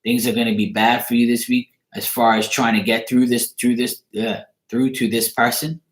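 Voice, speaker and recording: A man's voice: mid-range voice, little pitch movement, moderate pace, reverberant. A man giving a casual tarot reading on a livestream, rambling loosely, swearing now and then and breaking off to greet viewers. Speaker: tarot reader.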